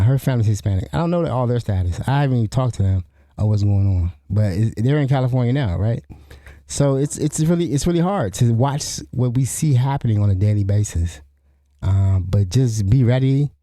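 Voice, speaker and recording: A man's voice: mid-range voice, warm tone, no room sound, clean studio sound. A middle-aged man hosting a solo podcast, rambling with frequent restarts and asides to the listener. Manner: rambling, restarts often, asks "you know what I'm saying?". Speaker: podcast host. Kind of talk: solo commentary.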